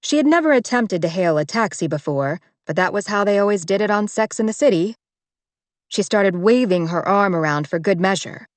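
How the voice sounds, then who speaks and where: A woman narrating a romance audiobook in a measured, even way on a close microphone. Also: medium pitch, no room sound. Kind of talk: scripted narration.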